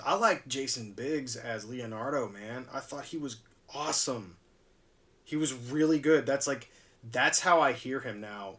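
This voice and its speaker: A man's voice: medium pitch, fairly bright tone, far from the mic. A man hosting a live stream, chatting casually and chuckling as he repairs a toy at his workbench. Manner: rambling, laid-back, chuckles often.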